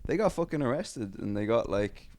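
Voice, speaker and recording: A man's voice: mid-range voice, normal speed. A man in casual podcast chat, telling stories loosely and swearing freely. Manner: animated storyteller, swears freely.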